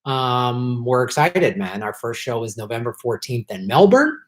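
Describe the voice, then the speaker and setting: A man hosting a casual live stream, chatting with viewers, clearing his throat often and swearing in frustrated outbursts at the tech. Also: mid-range voice, big pitch swings, moderate pace. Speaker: political comedian and live stream host.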